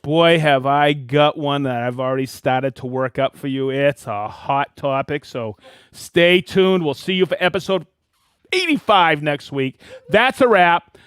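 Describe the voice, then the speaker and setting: Lively high-pitched man hosting a live stream. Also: measured pace, smooth, dry recording, clean studio sound. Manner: lively, reads viewer names and places with excitement. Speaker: host of a weekly live stream. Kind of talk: live stream shout-outs.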